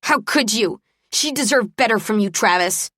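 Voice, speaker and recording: A woman voicing a fierce, loyal young woman friend who speaks in a sharp, furious way. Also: on the high side, lively intonation, normal speed, no echo, clean studio sound.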